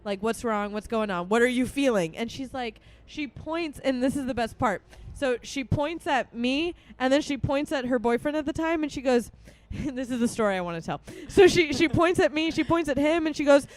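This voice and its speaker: Young woman cohost telling a funny story, high voice, acts out everyone's lines. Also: moderate pace. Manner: animated, laughs often, acts out quotes. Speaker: podcast co-host. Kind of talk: casual storytelling chat.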